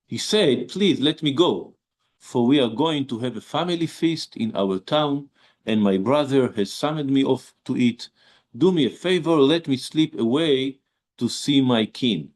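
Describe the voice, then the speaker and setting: Brief: male rabbi, mid-pitched, informal class, hesitant explaining style. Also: a little mellow. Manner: halting, with many restarts and fillers, reads verses aloud. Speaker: rabbi teaching a Bible class. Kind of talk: informal Bible lesson.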